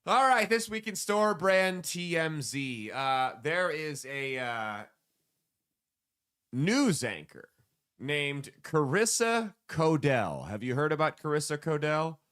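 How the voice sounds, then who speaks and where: A man hosting a casual comedy podcast, joking loosely and throwing in sudden loud bursts. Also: a little high, very animated, slow pace, clean tone. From United States. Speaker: podcast host.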